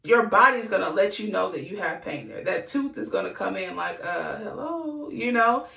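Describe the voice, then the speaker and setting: A woman's voice: on the low side, brisk, gravelly, bright, forceful tone, reverberant. A woman podcast host sharing a candid, earnest personal reflection, sometimes acting out what people said. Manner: earnest, confessional, acts out quotes.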